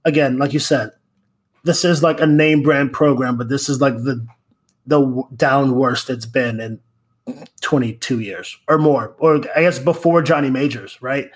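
A man's voice: mid-range voice, a little slow. A man co-hosting a casual sports podcast, rambling with frequent restarts. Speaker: podcast co-host.

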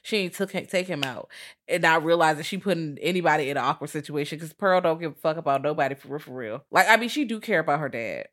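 A woman's voice: low voice, expressive, quick pace, fairly bright tone. A woman co-hosting a casual film discussion, retelling scenes bluntly with lots of profanity. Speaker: podcast co-host.

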